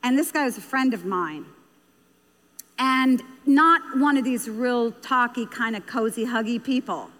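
A woman's voice: a little high, measured pace, a bit bright. A woman giving a talk on parenting, telling an anecdote earnestly and repeating key phrases for emphasis. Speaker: speaker on parenting. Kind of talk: storytelling talk to an audience. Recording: long hall reverb.

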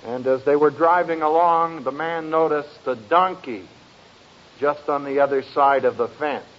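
A man speaking to an audience as a family counselor, telling stories in a slow, emphatic way with dry humor. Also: on the high side. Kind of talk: speech to an audience. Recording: dull lo-fi recording.

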